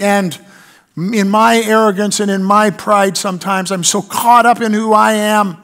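A man's voice: sits high, steady tone, moderate pace, a bit bright. A man preaching a sermon in church, reading scripture aloud and building emphasis on key lines. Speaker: pastor.

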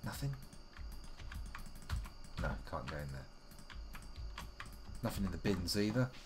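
A man's voice: low voice, sing-song, slow, background noise. A man giving casual, wry live gameplay commentary, chatting to himself as he plays. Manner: chatty, wry, talks to himself while playing. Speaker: game streamer.

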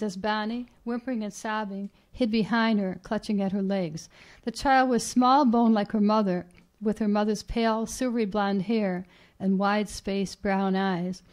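Woman giving a measured literary reading. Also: medium pitch. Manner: measured, even narration. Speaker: author reading her short story. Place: reading event at a writers' house.

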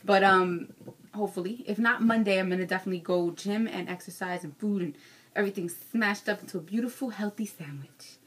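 A woman's voice: medium pitch, steady tone, fast talker. A young adult woman ranting casually in a vlog, frank and self-mocking, cursing freely. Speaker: vlogger.

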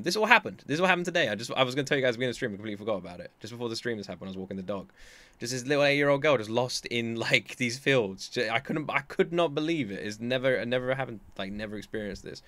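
A man's voice: mid-range voice, lively intonation, rapid-fire, pushed and bright, dry recording. A man in his thirties chatting casually on a stream, rambling through a story with many restarts. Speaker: anime reaction streamer. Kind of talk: casual chat.

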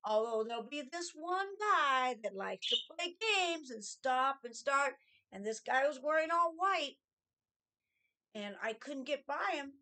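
Chatty storytelling woman, a bit high. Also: measured pace. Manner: chatty, animated, acts out quotes in a higher voice. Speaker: vlogger telling stories. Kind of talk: casual storytelling.

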